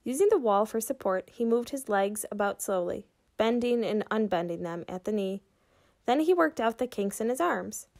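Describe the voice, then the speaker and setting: A woman reading a children's book aloud, pausing to ask her young listeners questions about the story. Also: medium pitch, animated, gravelly, darkish tone. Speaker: reader for children.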